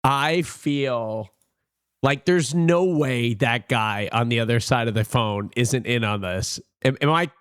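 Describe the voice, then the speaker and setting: A man streaming and reacting to clips, chatty and thinking out loud. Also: mid-range voice, takes it slowly, clear, resonant tone, no echo, clean studio sound. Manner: chatty, animated, wondering aloud. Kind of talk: casual live-stream commentary.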